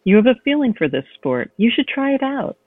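A man's voice: extremely high pitch, very animated, fairly quick, no room sound, pitched above the performer's own voice, heavily acted. A woman reading as a coaxing male fencing coach. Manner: smooth, encouraging, gently insistent. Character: courtly adult male fencing instructor, coaxing. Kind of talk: read-aloud novel excerpt. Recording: tinny phone-line sound, dry.

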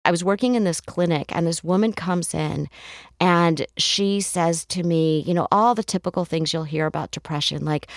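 Middle-aged woman guest, low-ish voice, dry close mic, animated storyteller who acts out quotes. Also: moderate pace, dry recording. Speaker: guest, therapist. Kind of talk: casual interview storytelling.

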